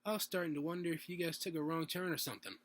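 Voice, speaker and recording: Kindly middle-aged mom, welcoming and gentle, lifted pitch, read by a man. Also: steady tone, racing, no room sound, close to an everyday voice.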